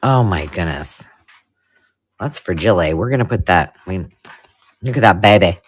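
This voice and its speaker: A woman hosting a live craft unboxing, chatting casually and gushing over old paper finds, sometimes dropping to a hushed whisper. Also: a bass voice, animated, normal speed, husky. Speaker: craft channel host.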